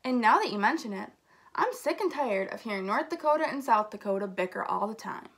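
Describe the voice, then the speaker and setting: A woman voicing a kind, excitable state in a picture book, a best friend who gets thrilled easily. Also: fairly high pitch, fairly quick, exaggerated voice. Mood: excited. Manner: kind, excitable, shrieking with delight.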